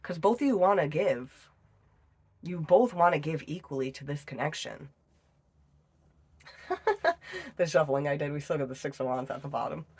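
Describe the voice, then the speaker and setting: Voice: mid-range voice, moderate pace, long pauses, darkish tone, husky. A tarot reader giving a casual reading into a phone, chatty and profane, laughing often.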